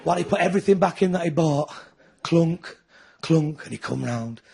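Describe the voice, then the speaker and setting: A man's voice: a little high, lively intonation, normal speed, gravelly, darkish tone. A middle-aged man from Manchester with a Manchester accent, doing a chatty, self-mocking, ranting stand-up routine in front of a live audience. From north of England, Manchester. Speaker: stand-up comedian. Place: comedy venue with live audience. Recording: noisy live club recording.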